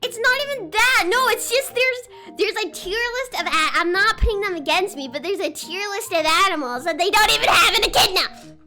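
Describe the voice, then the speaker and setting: Woman, bright voice, excitable, giggly, casual stream chat. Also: extremely high pitch, a little fast. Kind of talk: casual chat, reacting to videos. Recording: faint music behind.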